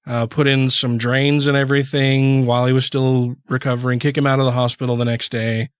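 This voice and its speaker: A man's voice: mid-range voice, level tone, fairly quick, clean tone, no echo, clean studio sound. A man co-hosting a podcast, telling a long story casually, full of restarts and "you know"s. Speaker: podcast co-host.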